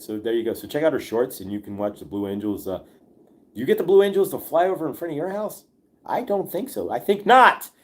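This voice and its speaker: A man's voice: mid-range voice, darkish tone. A man hosting a casual morning livestream, talking to his viewers in a loose, rambling way. He is upbeat and full of fillers, and he chuckles now and then. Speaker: host.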